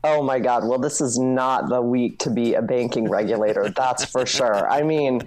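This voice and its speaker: A woman journalist with a strikingly low voice lays out her points briskly, often reaching for "you know" and "I mean". Her tone is dark and mellow. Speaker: author and journalist. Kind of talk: interview guest explaining.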